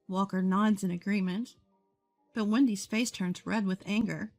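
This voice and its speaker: Calm woman narrating a first-person story. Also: medium pitch, a little slow, dry recording. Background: faint music.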